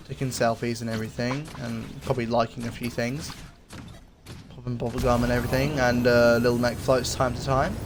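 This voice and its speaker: A gaming video creator with an ordinary mid-pitched voice casually reviews game cosmetics. Laid back and rambling, he thinks aloud, trails off, and fills pauses with ums and uhs, while faint background noise sits underneath.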